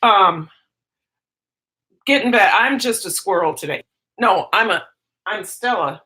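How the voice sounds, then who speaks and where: A woman hosting a casual live stream, chatting excitedly and greeting viewers by name. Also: mid-range voice, measured pace.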